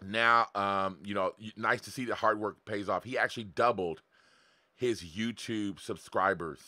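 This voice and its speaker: A man's voice: fairly low pitch, steady tone, a little slow, pushed and bright, no echo. A man in his forties talking bluntly and profanely on a live stream, coaching his viewers and laughing often. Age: 40s. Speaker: online marketing coach. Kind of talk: live-streamed motivational talk.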